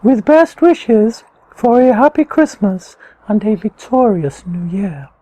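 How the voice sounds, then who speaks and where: A man putting on the voice of a gracious young princess, reading a greeting slowly in a posh, high falsetto. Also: very animated, dark tone, heavily acted, low-quality recording.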